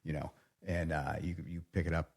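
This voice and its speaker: A male podcast host with a very deep voice and a husky grain. He talks in a relaxed, casual way and often chimes in with brief agreement. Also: a little fast. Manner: relaxed, short agreeing interjections. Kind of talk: casual interview.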